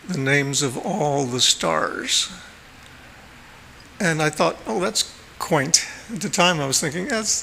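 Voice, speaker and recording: A man giving a gentle, playful storytelling talk at a church service, recorded in the sanctuary. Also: fairly high pitch. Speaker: lay speaker. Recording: long hall reverb, faint room noise.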